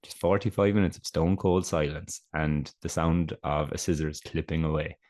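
A man's voice: rumbling low, little pitch movement, normal speed, a little mellow. A young man co-hosting a podcast in casual chat, sounding stuffed up, telling stories and laughing often. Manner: chatty storyteller, laughs often. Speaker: podcast co-host.

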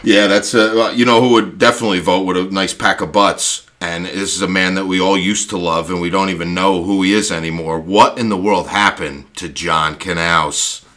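A man's voice: low voice, level tone, brisk, hardly any pauses, fairly bright tone. A man co-hosting a casual podcast, chatting in a laid-back, wry way. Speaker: podcast co-host. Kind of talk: casual chat.

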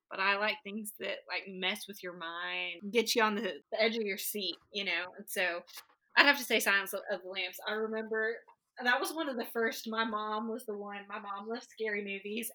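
A woman's voice: mid-range voice, sharp tone, low-quality recording. A woman co-hosting a casual chat podcast, talking earnestly with lots of fillers. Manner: chatty, earnest, uses fillers like "like". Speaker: podcast co-host.

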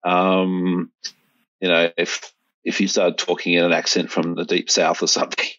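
A man's voice: deep voice, monotone, normal speed, fairly bright tone, no room sound. A middle-aged Australian man in casual conversation, rambling with restarts and fillers. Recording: dull, lo-fi sound.

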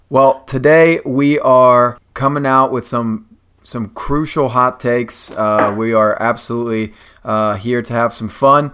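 A man's voice: mid-range voice, steady tone, slow, fairly bright tone, slight background noise. A man hosting a casual sports podcast, jokey and upbeat, stretching words for emphasis. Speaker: podcast host.

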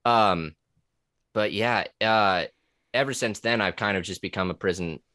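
A man's voice: lowish voice, unhurried, pushed and bright, no room sound, studio quality. A man talking casually on a podcast about his time as a corrections officer. He rambles with many fillers, restarts and curse words.

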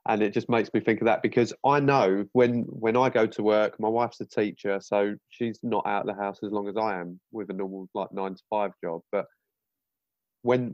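A man in his thirties with a lowish voice, chatting as a podcast guest. He talks in a thoughtful, easygoing way. The sound is dry and slightly muffled. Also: dry recording. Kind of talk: casual podcast chat.

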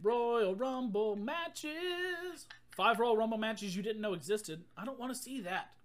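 A man's voice: extremely high pitch, animated, measured pace. A man co-hosting a podcast, chatting casually and laughing through loose banter. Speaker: podcast co-host. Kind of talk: casual chat.

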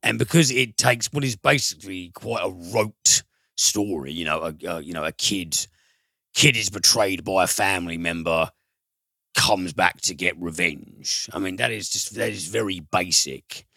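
A man's voice: low-pitched, normal speed, creaky, pushed and bright, no echo. A man reviewing a film in casual chat, rambling and profane, with frequent fillers and restarts.

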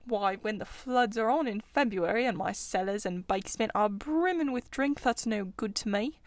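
Woman doing a confident male water rat, storybook reading, chatty, knowing, fairly high voice, dry close sound. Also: dry recording, close to an everyday voice. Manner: confident, chatty, a little guarded. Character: easygoing, self-assured male water rat who loves the river.

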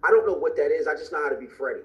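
A man's voice: on the high side, expressive, racing, muffled recording. A man guesting on a podcast, candidly and earnestly telling a personal story with emotion.

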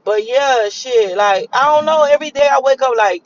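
Young guy with a high voice rambling and cussing in his car, kinda muffled lo-fi sound. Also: normal speed. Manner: rambling, profane, reflective. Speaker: vlogger. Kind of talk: casual morning monologue while driving.

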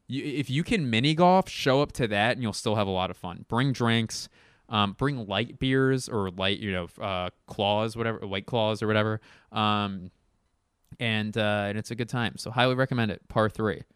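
Man, young adult, podcast host, rambling comic monologue, profane, self-deprecating, smooth voice, dry close mic. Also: on the low side, moderate pace, fairly bright tone, no room sound. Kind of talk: casual comedic monologue. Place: at home, in a bedroom.

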